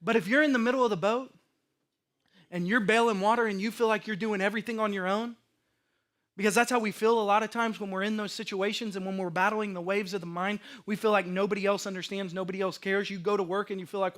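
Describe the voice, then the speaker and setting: A male pastor preaching a sermon to a congregation, animated, acting out panicked inner voices and swinging between loud emphasis and soft lows. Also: quick pace. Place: church sanctuary.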